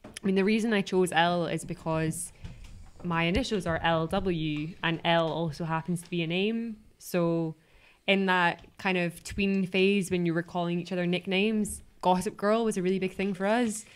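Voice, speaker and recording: Young woman, lowish pitch, lively storyteller who acts out what people said. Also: normal speed, clean tone. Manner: chatty, animated storytelling with quoted voices. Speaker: podcast guest, actress. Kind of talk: casual chat.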